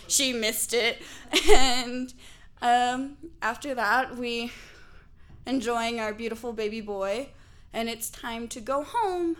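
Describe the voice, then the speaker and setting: A woman's voice: a little high, a little slow, bright, forceful tone. Laughing young woman telling a story. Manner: laughs often while telling, acts out quoted voices. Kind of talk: personal storytelling.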